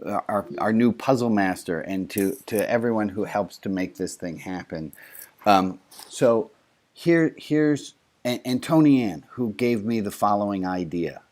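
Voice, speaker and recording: A man's voice: fairly low pitch, lively intonation, a little slow. Rabbi, male, loose jokey group leader with frequent restarts, heard over a video call. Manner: warm, joking, stumbling restarts. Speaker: rabbi leading an online service. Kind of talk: casual, interactive service talk.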